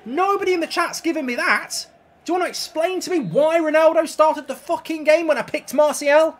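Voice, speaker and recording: A man's voice: very high-pitched, fairly quick, fairly bright tone. A man streaming a football video game, ranting and swearing at the match and answering his viewers' chat. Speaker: gaming streamer. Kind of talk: live game commentary.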